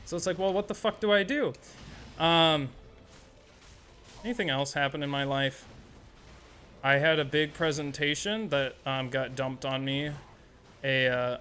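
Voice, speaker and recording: A young man chatting casually on a live gaming stream, excitable and rambling, swearing freely. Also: mid-range voice, a little hiss or hum.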